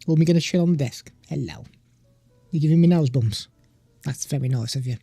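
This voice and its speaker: A man's voice: a little high, fast, mellow, slightly rough, dry recording, soft background music. A man hosting a casual live product demo at his home desk, talking loosely into a studio microphone and stopping now and then to chat to his pet. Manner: chatty, loose, stops to talk to his pet. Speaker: tech livestream host. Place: home desk streaming setup. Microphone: studio microphone through a mixer at a desk.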